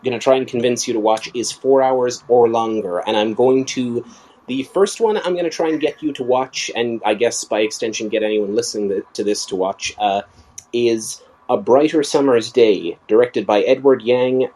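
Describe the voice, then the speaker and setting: A man's voice: medium pitch, normal speed, warm tone, low-quality recording. A man co-hosting a casual chat, earnestly explaining at length with lots of filler sounds. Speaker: podcast co-host recommending films.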